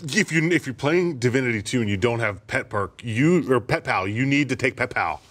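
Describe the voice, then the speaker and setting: Excitable swearing man chatting games. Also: mid-range voice, normal speed. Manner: excitable, swears freely, laughs often. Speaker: podcast co-host. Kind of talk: casual chat.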